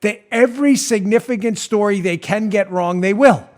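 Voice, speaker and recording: Male commentary host with a slightly high voice. Sarcastic and mocking, on a studio mic. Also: normal speed, darkish tone. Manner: sarcastic, mocking, laughs at his own jabs. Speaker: political talk show host. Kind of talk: opinionated commentary.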